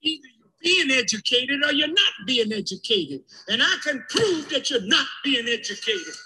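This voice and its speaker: A man giving a fiery sermon, impassioned, swinging from shouts to hushed near-whispers. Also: very high voice, sing-song, moderate pace, rough recording. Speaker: speaker addressing a congregation.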